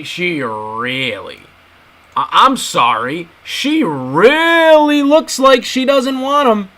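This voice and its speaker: A man doing casual video commentary for YouTube speaks to viewers he calls "guys," driving his points in again and again. His voice is a little high, bright and forceful, and the recording is rough.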